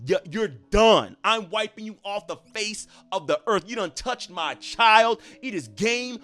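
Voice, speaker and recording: A man's voice: sits high, expressive, measured pace, faint music behind, voice pushed up, full character voice. A man voicing an enraged mother who threatens the man who touched her child. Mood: furious. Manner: loud, menacing, escalating threats.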